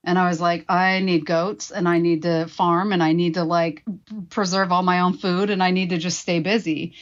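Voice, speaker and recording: A woman's voice: lowish voice, level tone, normal speed, dull audio. A woman in her forties, a guest telling her own story frankly and with swearing, acting out her past remarks. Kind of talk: candid personal storytelling.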